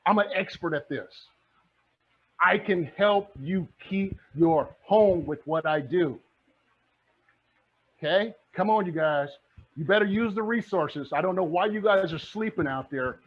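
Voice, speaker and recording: A man's voice: high-pitched, measured pace, husky. A middle-aged man giving a fiery, passionate real estate presentation, repeating lines for emphasis. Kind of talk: energetic motivational talk. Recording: dull lo-fi recording.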